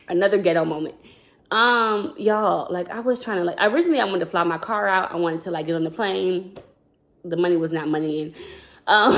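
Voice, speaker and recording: A talkative woman vlogger tells her story straight to camera in a slightly low voice. She rambles and backtracks, and keeps turning to her viewers with "y'all". She often slips into acting out what people said to her. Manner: chatty, rambling, addresses viewers as "y'all", acts out quoted dialogue. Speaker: vlogger, school counselor.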